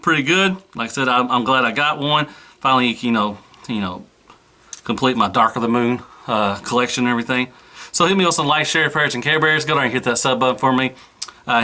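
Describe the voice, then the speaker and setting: A man's voice: medium pitch, fast talker, bright, forceful tone. A man giving a casual toy review in an easygoing, rambling way, full of fillers.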